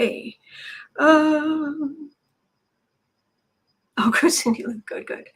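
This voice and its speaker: A woman hosting a tarot livestream, chatting quickly and bluntly with her viewers. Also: sits high. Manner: chatty, fast-talking and blunt. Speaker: tarot reader and livestream host. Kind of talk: casual livestream chat.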